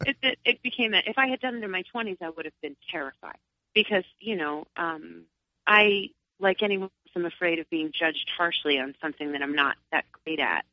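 A woman's voice: brisk, no room sound. Chatty middle-aged New woman. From Long Island, New York. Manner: chatty, animated, acts out her own thoughts in a higher voice. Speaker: singer and guest. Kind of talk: casual interview. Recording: dull, lo-fi sound.

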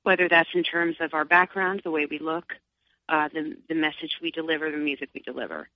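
A middle-aged woman from Long Island, chatting as a guest in an interview, animated and acting out her own thoughts. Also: sits low, a little fast, no room sound. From Long Island, New York. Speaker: singer and guest. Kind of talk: casual interview. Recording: dull, lo-fi sound.

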